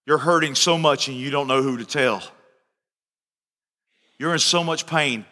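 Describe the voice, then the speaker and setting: A man's voice: fairly high pitch, unhurried, pushed and bright, in a large hall. A man preaching a sermon as pastor, telling stories animatedly, joking and repeating phrases for emphasis.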